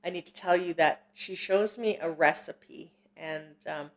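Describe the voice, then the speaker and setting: A woman hosting a psychic reading stream, gentle and reassuring, with many pauses and fillers. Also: fairly low pitch. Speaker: psychic medium host. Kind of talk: live-stream reading, casual chat.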